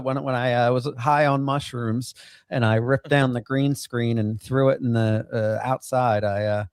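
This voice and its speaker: A man's voice: medium pitch, fairly even intonation, clear, resonant tone. A man at a home setup, hosting his show in casual talk. He speaks in stops and starts, with fillers, restarts and easy swearing. The sound is close and dry, without room echo. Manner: halting, many restarts and fillers, swears freely. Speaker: podcast host. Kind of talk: casual chat.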